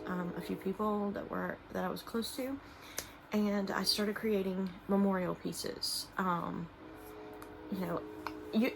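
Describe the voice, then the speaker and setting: A middle-aged woman chats to camera at home, halting and soft-spoken, picking her way through her thoughts with fillers and restarts. Her voice has a gravelly, creaky edge at a medium pitch. A light hiss sits under the recording. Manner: soft-spoken and emotional at times. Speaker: small business owner and artist. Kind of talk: casual vlog talking to camera while showing products.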